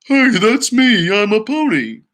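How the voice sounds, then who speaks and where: Storybook pony, sulky and whiny, played by a man in a high, bright, teary voice. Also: sing-song, drawn-out words, gravelly, exaggerated voice. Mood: proud. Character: sulky, wounded talking pony.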